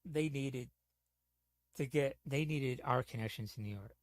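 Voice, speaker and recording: A man's voice: medium pitch, a little fast, no echo. A man chatting casually on a gaming stream, telling rambling, profane stories full of "you know". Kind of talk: casual storytelling chat.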